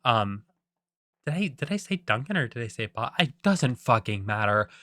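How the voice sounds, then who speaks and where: A young man talks through a movie plot in a loose, rambling way, full of "like" and self-deprecating asides. His voice is bright and forward, and the recording is dry and close. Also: mid-range voice, sing-song, normal speed, no echo. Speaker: vlogger. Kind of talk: casual rambling retelling.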